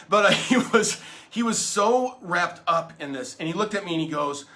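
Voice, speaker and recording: Man pastor, earnest and jokey storyteller, slightly high, bright tense tone. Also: lively intonation, moderate pace. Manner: earnest, playful, with many fillers and restarts. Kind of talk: casual storytelling sermon.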